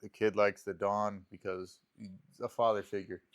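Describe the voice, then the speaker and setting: A man's voice: on the low side, level tone, normal speed. A man co-hosting a podcast, chatting casually with dry jokes and retelling movie scenes by acting out the characters. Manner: dry joking, storytelling that acts out characters. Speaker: podcast co-host. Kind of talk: casual chat.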